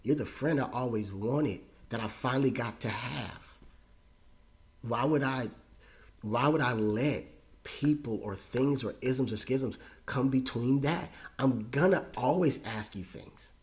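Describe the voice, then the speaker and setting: A man in his forties, a pastor hosting his own show, telling a personal story with feeling and frequent repetitions, his voice jumping high when moved. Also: a little slow. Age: 40s. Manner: emotional, repeats himself, voice rises high when moved.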